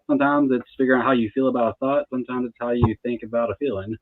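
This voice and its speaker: A man's voice: mid-range voice, steady tone, very fast, dry recording. A man in his thirties, a tarot reader, talking in a laid-back, casual way and laughing between thoughts. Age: 30s. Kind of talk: casual interview chat. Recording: tinny phone-like line.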